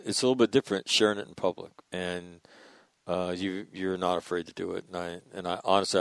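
A man hosting a casual conversation, talking haltingly with many fillers and laughing often. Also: low voice, dry recording. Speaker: podcast host.

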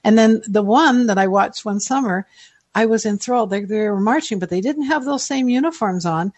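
Older woman guest, 70s, rambling and chatty with a self-deprecating streak, mid-pitched, dry close mic. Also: moderate pace, darkish tone, dry recording. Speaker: listener guest. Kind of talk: casual interview storytelling.

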